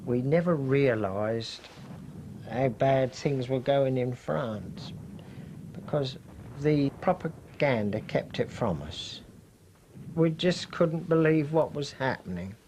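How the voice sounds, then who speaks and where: Slow older man reminiscing. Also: medium pitch, a little mellow, slight background noise. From Dover, England. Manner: slow and reflective. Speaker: interviewee. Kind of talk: personal reminiscence.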